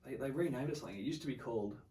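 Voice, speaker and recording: A man's voice: medium pitch, lively intonation, very fast, dark tone, far from the mic. A young Australian man casually telling a long story as a podcast guest, swearing freely and acting out what people said. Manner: swears a lot, acts out quotes.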